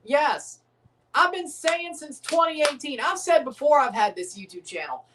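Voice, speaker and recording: A man hosting a live watchalong of a football match, excitable and opinionated, often exclaiming and laughing at the action. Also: very high-pitched, normal speed, recorded from a distance, background noise. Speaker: livestream host reacting to a match.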